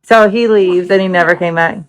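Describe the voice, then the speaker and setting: A conversation partner speaking at a middle pitch, answering the story with short reactions. They ask worried questions about safety in a relaxed, casual tone. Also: brisk, rough recording. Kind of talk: casual chat.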